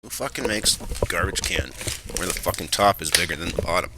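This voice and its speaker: A man's voice: sits low, animated, fairly quick, very noisy. A man hosting a live show, ranting with profanity and irritation about the news. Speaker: host. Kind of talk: live political commentary.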